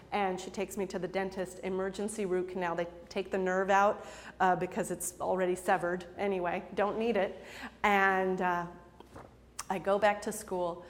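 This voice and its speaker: A woman in her twenties spins a personal story before an audience, chatty and self-deprecating, with frequent laughs and many fillers. Her voice sits at a middle pitch for a woman. A long reverb trails every line, as in a lecture hall. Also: a little hiss or hum. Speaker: storyteller and improv performer.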